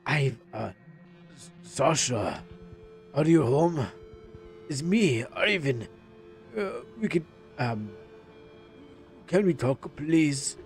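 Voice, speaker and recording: A man voicing a pleading estranged father in a horror game, speaking softly and hesitantly. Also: medium pitch, expressive, extremely slow, pauses often, faint music behind, voice pushed down. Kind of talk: reading horror game dialogue aloud.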